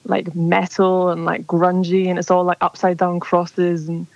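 Heard through a dull, dry phone connection, a radio caller rambles casually with many fillers. Her voice sits on the low side, with a monotone, slightly slow delivery and a darkish tone.

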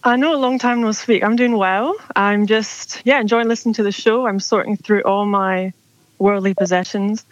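A woman's voice: medium pitch, fairly even intonation, normal speed, dry recording. A young woman calling in to a radio show, chatting casually and rambling with lots of "like". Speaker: caller. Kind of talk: casual phone chat. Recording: dull dry phone line.

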